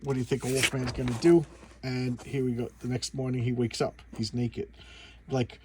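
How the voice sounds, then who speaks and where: A man casually reviewing a comic book, rambling with many halting restarts and fillers, chuckling as he retells scenes. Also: medium pitch, level tone, background noise.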